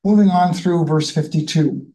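A Bible study leader in a conversational teaching style, reading scripture slowly and then musing about it in a chatty way. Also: medium pitch, warm tone, rough recording.

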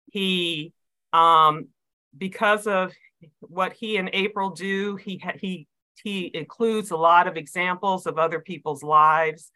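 A woman's voice: lowish voice, pushed and bright, low-quality recording. A woman in a prayer group speaking enthusiastically in casual chat, with many fillers.

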